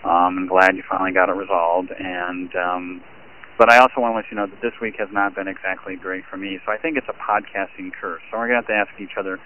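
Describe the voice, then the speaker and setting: A man's voice: low-pitched, flat delivery, fast talker. A man leaving a rambling, chatty voicemail for a podcast host while driving, his talk full of fillers. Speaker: caller, sales rep. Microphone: phone. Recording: tinny phone line with faint hiss.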